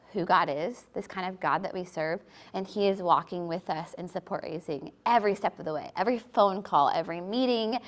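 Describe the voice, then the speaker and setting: A woman sharing a Bible verse in casual testimony, chatty and laughing now and then. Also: mid-range voice. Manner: warm, chatty, laughs between thoughts.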